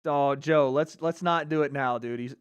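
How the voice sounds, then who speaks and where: An American man hosting a live fight watch party, reacting with loud, excitable exclamations. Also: fairly high pitch, moderate pace, clean tone, no room sound. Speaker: livestream host.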